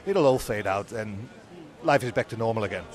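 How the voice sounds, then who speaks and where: A man's voice: lowish voice, lively intonation, fairly quick. A man gives interview answers outdoors at an evening event. He halts often and repeats words as he gathers his thoughts. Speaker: guest.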